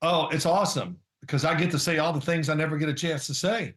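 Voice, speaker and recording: A man's voice: a little high, fairly even intonation, fast, a bit bright, reverberant. An older man, a former quarterback, chatting as a guest in an interview and rambling through anecdotes with chuckles. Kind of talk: casual interview chat.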